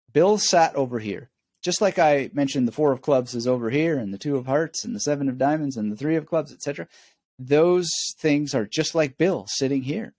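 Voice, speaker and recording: A man's voice: medium pitch, a little mellow, no echo. A man with a mid-range voice, recorded close and dry, talks as a guest expert. He explains memory techniques through stories, wry and often laughing at himself. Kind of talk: explanatory interview talk.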